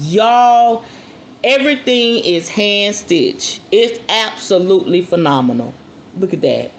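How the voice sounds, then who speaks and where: A woman host talking casually to her viewers and calling them y'all as she shows off an object. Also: medium pitch. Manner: chatty, addresses viewers as y'all. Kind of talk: casual show-and-tell talk to viewers. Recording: roomy with faint background noise.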